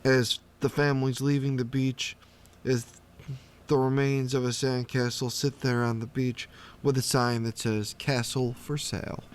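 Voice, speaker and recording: A man's voice: medium pitch, flat delivery, unhurried, slight background noise. A man reading comic strips aloud for a radio reading service, in a plain, easygoing way with small fillers.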